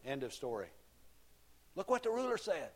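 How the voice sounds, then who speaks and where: Man, pastor, sermon, slightly high voice, conversational, rhetorical questions. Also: big pitch swings, normal speed, vocal fry.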